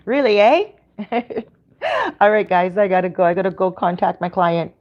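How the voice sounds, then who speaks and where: A woman's voice: lowish voice, level tone, fast talker, highs cut off. A woman with a Canadian accent chatting casually on her livestream, upbeat and rambling with lots of ums and restarts. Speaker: YouTuber hosting a livestream.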